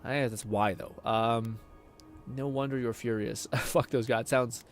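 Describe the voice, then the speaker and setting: A young man streaming a game, chatting excitably, swearing, laughing and reading chat aloud. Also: medium pitch, unhurried, faint music behind. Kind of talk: casual game commentary.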